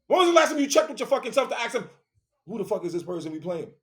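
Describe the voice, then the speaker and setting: A man's voice: sits high, sing-song, racing. Profane, confrontational man ranting. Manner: preachy, profane, confrontational, repeats phrases for emphasis. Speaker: host. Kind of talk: profane motivational monologue.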